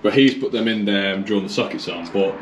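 A tradesman with a fairly low voice, talking casually and thinking out loud as he works. The room rings with echo, and a faint noise sits underneath. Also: brisk. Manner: chatty, thinks aloud, addresses viewers as guys. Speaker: electrician. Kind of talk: casual explaining while working. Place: garage being converted to a kitchen, indoors.

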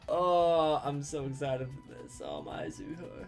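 An excitable man talks through a reaction video, his voice sitting a little high and leaping up and down as he exclaims and laughs. Faint music plays behind him. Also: measured pace. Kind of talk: casual reaction commentary.

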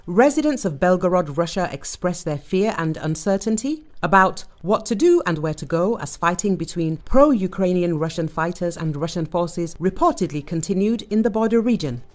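A woman narrating a scripted news report in an even, measured read. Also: lowish voice.

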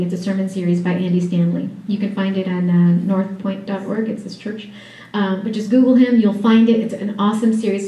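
A woman's voice: mid-range voice, dark tone. A woman speaking at a faith conference, chatty and direct, laughing often and making playful asides to the audience. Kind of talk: conference talk. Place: conference room before an audience. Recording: echoey room, distant mic.

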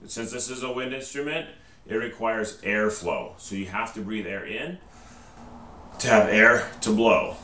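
A man's voice: on the low side, unhurried, sharp tone. Patient man teaching trumpet, roomy echo. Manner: patient, repeats "okay?" after each step. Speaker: band teacher. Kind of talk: instructional video lesson. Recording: roomy echo, distant mic, faint noise.

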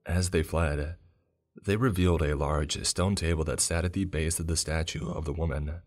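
Very deep-voiced man narrating horror. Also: soft background music. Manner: steady, measured storytelling. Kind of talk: scripted narration.

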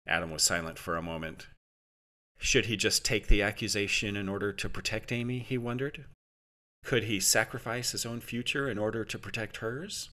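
Male audiobook narrator, dry satirical reading, bright and clear. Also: on the low side, moderate pace. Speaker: author and narrator.

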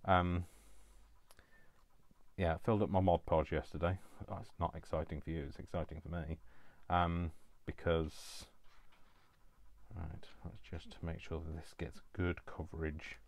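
Male craft vlogger, very deep voice, chatty and self-mocking. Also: flat delivery, a little slow, no echo. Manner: rambling, self-deprecating asides. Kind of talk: casual chat while crafting.

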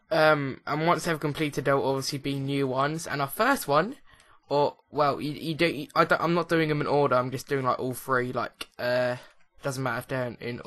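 Jokey young man, bright voice. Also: mid-range voice. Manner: rambling, jokey, with many restarts. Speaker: let's play host. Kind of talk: casual gameplay commentary.

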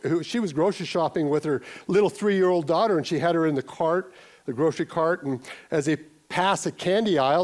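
A man's voice: fairly high pitch, a little mellow. A male pastor giving a conversational sermon, telling an anecdote, often restarting and repeating words. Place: church sanctuary.

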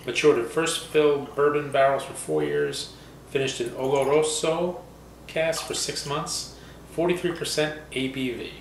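A man co-hosting a casual whiskey review, joking around and slowly reading out product notes. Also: on the high side, steady tone, gravelly. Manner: jokey, halting, reads aloud slowly. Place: home room. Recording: roomy echo, faint background noise.

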